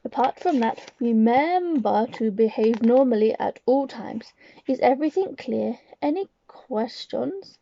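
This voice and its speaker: A woman reading aloud and voicing a commanding evil witch leader who barks orders slowly. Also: on the high side, expressive, vocal fry, mellow, highs cut off, full character voice. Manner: imperious, barking orders slowly.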